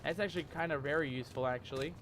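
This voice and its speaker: A man playing a survival horror game and commenting as he goes, calling his viewers "mateys" and shouting when he gets scared. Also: fairly high pitch, rapid-fire, slight background noise. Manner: jumpy, excitable, loud when scared. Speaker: gaming YouTuber. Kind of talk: let's play commentary.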